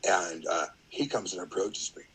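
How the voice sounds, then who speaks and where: A man's voice: low-pitched, steady tone, normal speed, fairly bright tone, a little hiss or hum, rough recording. A middle-aged man, a podcast guest, telling a story in a rambling, casual way, full of fillers and acted-out quotes.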